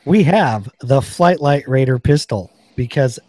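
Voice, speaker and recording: A man's voice: mid-range voice, animated, a little slow, a little mellow, dry recording. A man hosting a gun podcast in casual chat, hesitant, laughing often. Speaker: podcast host.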